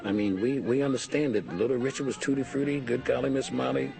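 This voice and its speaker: Emphatic man with gravelly voice. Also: mid-range voice, fairly even intonation, fast talker, music in the background. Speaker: interviewee. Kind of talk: documentary interview.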